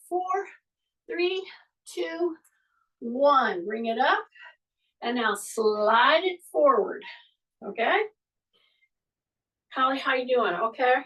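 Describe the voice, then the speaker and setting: A high-pitched woman leads an exercise class, coaching and repeating her cues with encouragement while she moves. She is a bit away from the microphone, so her voice sounds distant. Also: a bit bright. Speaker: fitness instructor. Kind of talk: live online exercise class instruction.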